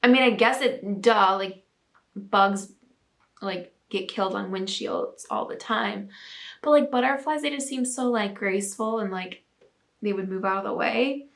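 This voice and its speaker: A woman's voice: medium pitch, unhurried, vocal fry, a bit bright. A young woman hosting a casual talk segment, bubbly and chatty with lots of filler words. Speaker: host reading viewer submissions. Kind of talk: casual chat and reading aloud.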